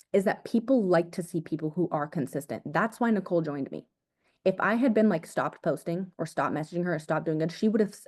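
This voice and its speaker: Fast-talking young woman coaching her team. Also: lowish voice. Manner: energetic, repetitive, casual slang like "dude" and "guys". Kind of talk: motivational team talk.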